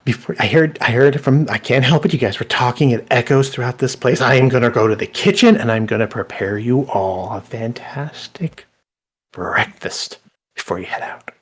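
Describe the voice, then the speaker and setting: A man's voice: mid-range voice, fairly quick, few pauses, husky, close to an everyday voice. A man voicing a cheerful female dragonborn cook who is eager to please.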